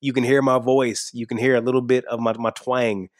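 A man's voice: medium pitch, level tone, a little fast, no room sound, studio quality. A man speaking as a podcast guest in a casual, earnest and enthusiastic way, repeating words when he is emphatic. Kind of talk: casual interview talk.

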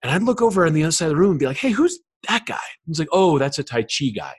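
Animated man telling stories in a dry studio. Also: on the high side, rapid-fire, breathy edge, dry recording. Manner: animated, acts out quoted voices, many fillers. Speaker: podcast guest. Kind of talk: casual storytelling interview.

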